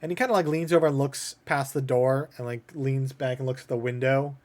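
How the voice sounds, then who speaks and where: A man's voice: mid-range voice, fairly even intonation, fairly quick, darkish tone. Casual man narrating as game master. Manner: casual, loose, filler-heavy narration.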